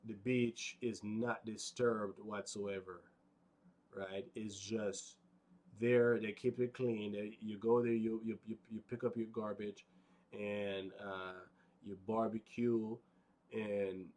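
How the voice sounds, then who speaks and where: A man's voice: lowish voice, flat delivery, slow pace, darkish tone. A man casually narrating a walking tour outdoors on a windy mountaintop, rambling with lots of fillers and "right?" tags. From United States. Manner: rambling, conversational, many fillers and tag questions. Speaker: vlogger.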